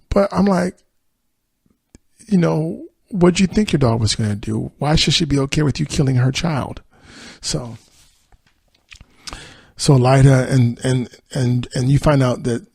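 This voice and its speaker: A man talks through a TV episode as a podcast host, chatty and loose, full of "you know"s. His voice is gravelly and a bit husky. The sound is dry and close. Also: mid-range voice, a little mellow, dry recording. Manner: chatty, many fillers, quotes characters in his own voice. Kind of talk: casual episode recap.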